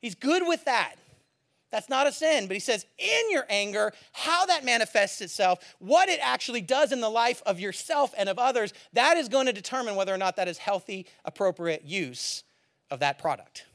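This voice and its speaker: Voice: mid-range voice, very animated, normal speed, fairly bright tone. A pastor preaching a sermon with rising passion, building to fiery emphasis and then settling back.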